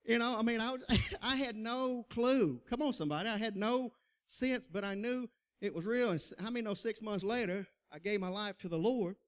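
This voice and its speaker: A man's voice: high-pitched, brisk. A middle-aged man, telling his testimony in a folksy preaching style, laughing often and calling out to the crowd. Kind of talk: personal testimony, sermon style.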